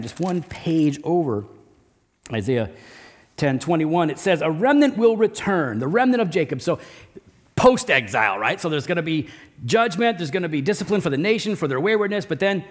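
A man preaching a sermon, emphatic and repetitive, often dropping his voice low and slow to stress a point. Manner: emphatic, repeats key phrases, drops low and slow for stress. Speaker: pastor.

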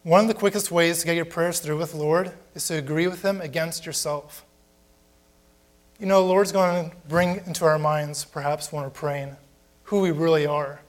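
A man preaching a sermon with a voice pitched a bit higher than most men. He speaks plainly and conversationally and keeps asking the congregation rhetorical questions. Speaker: pastor.

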